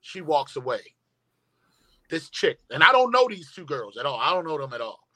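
Animated man, bright voice. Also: fairly high pitch, normal speed. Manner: animated, emphatic, profane storytelling. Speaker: guest. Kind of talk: storytelling in casual conversation.

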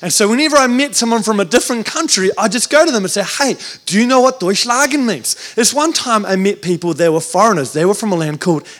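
A young New Zealand man preaches a lively sermon, his voice sitting high for a man. He tells comic stories and plays out the voices of the people in them, youth pastor energy throughout. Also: fast talker, hardly any pauses. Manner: humorous storytelling with acted-out voices.

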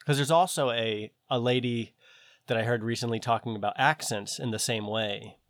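A man's voice: mid-range voice, normal speed, fairly bright tone, dry recording, clean studio sound. A man hosting a casual podcast chat, talking eagerly and sharing strong opinions.

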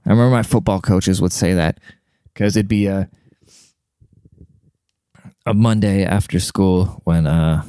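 A man in his thirties talking quietly in a rambling, profane casual monologue, keeping his voice down to a near whisper. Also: low voice, clean tone, no echo. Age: 30s. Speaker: vlogger.

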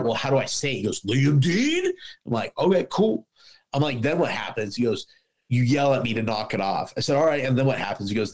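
A man's voice: mid-range voice, low-quality recording. A middle-aged man talks in a loose, casual podcast chat. He is blunt and swears freely, and he slips into voicing the other people in his stories as he acts out back-and-forth dialogue. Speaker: guest, former police officer.

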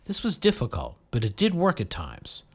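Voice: mid-range voice, normal speed, gravelly, husky. A storyteller narrating an audiobook expressively. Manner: expressive, animated.

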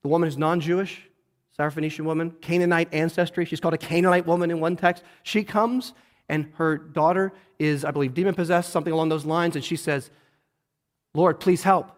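A man's voice: a little high, fairly even intonation, fast talker. A man pastor preaching a sermon in a church, earnest and conversational, often turning to the listeners with questions. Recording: long hall reverb.

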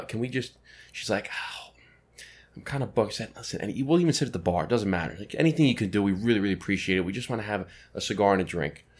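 Young new york guy on a podcast, talks fast and swears, voice jumps all over. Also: lowish voice. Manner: storytelling, swearing, quick animated retelling. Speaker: podcast co-host. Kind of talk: casual chat.

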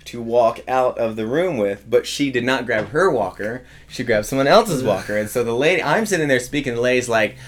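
A man in his thirties, a pastor chatting casually and telling lively stories, acting out the voices of the people in them. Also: medium pitch, brisk, hardly any pauses. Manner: animated storyteller acting out quoted voices. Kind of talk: casual podcast chat.

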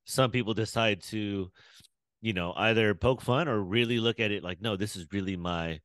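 A man's voice: lowish voice, normal speed, fairly bright tone, no room sound. A man in casual podcast chat, musing and asking reflective questions.

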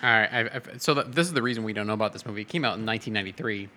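A man's voice: fairly low pitch, racing, sharp tone, slight background noise. A man co-hosting a podcast in casual chat, easygoing and reading quotes aloud. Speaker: podcast co-host.

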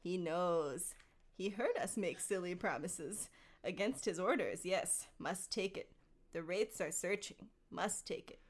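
A woman's voice: fairly low pitch, a little slow. A woman reading the part of Gollum, a wretched, scheming creature muttering to itself in a hissing, wheedling, partly whispered theatrical voice.

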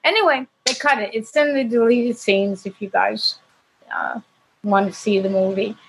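Woman, actress guest on a video-call interview; husky, chatty storyteller who laughs a lot. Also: medium pitch, steady tone, normal speed, low-quality recording. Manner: chatty, laughs often while telling stories. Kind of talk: casual anecdote telling.

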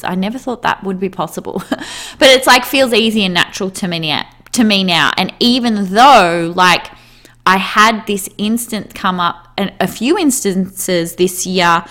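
A woman's voice: medium pitch, pushed and bright. A woman, talking candidly in a casual personal monologue, full of "like", easy laughs and casual swearing.

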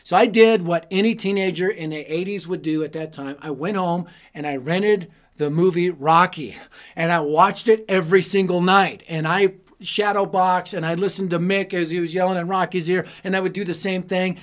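Man, higher voice, youth preacher, funny self-deprecating storyteller, punchy timing. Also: fairly even intonation, a little fast. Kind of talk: humorous storytelling sermon.

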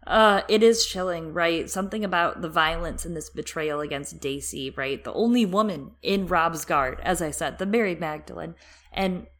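A woman's voice: lowish voice, normal speed. A woman on a book podcast who summarizes passages and analyzes the characters. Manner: reads passages aloud, analytical. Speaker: podcast co-host. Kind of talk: casual book discussion.

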